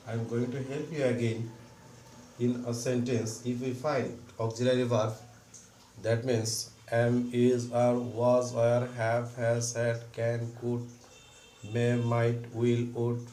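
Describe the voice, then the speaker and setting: A male English teacher with a mellow, medium-pitched voice explains a grammar lesson step by step, repeating every example sentence. The mic is distant and the sound roomy, with faint background noise.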